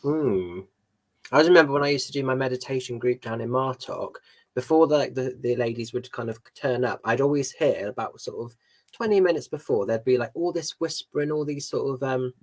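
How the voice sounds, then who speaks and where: A man's voice: medium pitch, brisk. A man, a spiritual medium, chatting casually and sharing a brief memory. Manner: supportive listener, short reactions. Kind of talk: casual chat.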